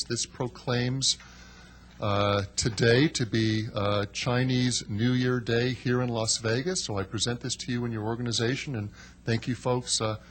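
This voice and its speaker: Friendly guy presenting at a council meeting, cracks jokes, faint background noise. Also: medium pitch. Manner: genial, joking, with many fillers. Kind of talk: ceremonial remarks.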